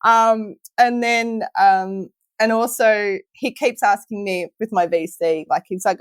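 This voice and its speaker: A woman in her thirties talks through stories with a bright laugh never far away. Her voice sits a little high. The sound is close and dry. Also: takes it slowly, clean tone, no echo. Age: 30s. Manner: chatty storyteller, laughs often. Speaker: podcast guest. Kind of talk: casual chat.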